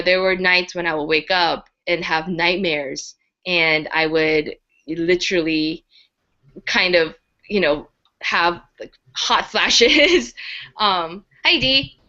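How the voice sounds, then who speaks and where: A woman's voice: lowish voice, pushed and bright. A woman co-hosting a casual talk show, sharing personal stories in a hesitant way with many fillers. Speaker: co-host. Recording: dull lo-fi audio.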